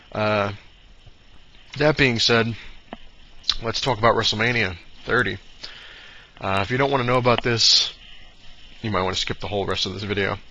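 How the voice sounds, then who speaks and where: A man's voice: fairly low pitch, pushed and bright, muffled recording, a little hiss or hum. A man ranting casually in a vlog, rambling with many fillers and restarts. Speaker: vlogger.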